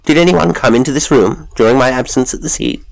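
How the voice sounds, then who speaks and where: A man voicing a high-strung professor in a high, sharp voice, pressing his questions insistently. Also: fairly quick, vocal fry, natural voice. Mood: agitated. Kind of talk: audiobook character voice.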